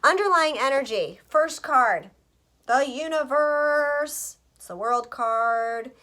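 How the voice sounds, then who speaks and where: A woman's voice: a little high, expressive, unhurried, sharp tone. A woman giving a casual tarot reading for her viewers, chatty and scattered, swearing freely as she talks. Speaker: astrologer and tarot reader.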